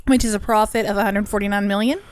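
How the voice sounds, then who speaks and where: A woman's voice: medium pitch, fairly even intonation, fast talker, clear, resonant tone. A woman co-hosting a casual podcast chat, with a dry, wry sense of humor. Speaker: podcast co-host.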